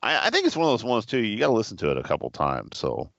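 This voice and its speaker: A man co-hosting a podcast in a relaxed, hesitant manner with many fillers. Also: on the low side, fast, vocal fry, no room sound, dull audio. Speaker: podcast co-host. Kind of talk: casual podcast chat.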